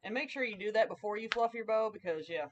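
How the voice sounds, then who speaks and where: A woman's voice: medium pitch, quick pace, noisy background. Twangy Southern woman chatting while crafting. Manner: chatty, twangy, addresses viewers as y'all. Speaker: craft livestream host. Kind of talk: casual crafting livestream chat. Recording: slightly dull lo-fi livestream audio.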